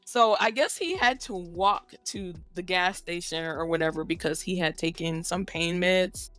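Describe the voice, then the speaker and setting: A woman's voice: fairly low pitch, normal speed, fairly bright tone, faint music behind. A middle-aged woman co-hosting a podcast, telling a long story in casual, profane chat. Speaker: podcast co-host.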